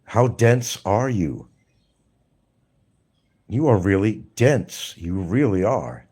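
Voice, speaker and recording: A man's voice: on the low side, lively intonation, slow pace, mellow, husky. A man hosting a live stream, talking casually in a blunt, mocking way to his viewers. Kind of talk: casual livestream monologue.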